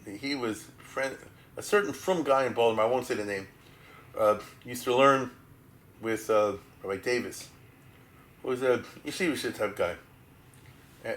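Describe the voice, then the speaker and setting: A man lectures as a rabbi in a casual, conversational way, using Hebrew and Yiddish terms freely. His voice sits at a middle pitch but swings widely, rising sharply when he acts out quoted speech. He keeps checking in with "right?" and "you follow?". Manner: animated, asks listeners "right?" and "you follow?" often.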